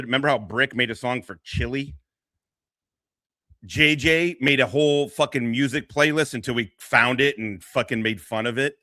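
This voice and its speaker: Rambling, foul-mouthed male streamer reacting to clips, bright, edgy voice recorded close and dry, laughs a lot as he talks. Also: medium pitch, no echo. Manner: rambling, crude, laughing often. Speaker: commentary streamer. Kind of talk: profane reaction commentary.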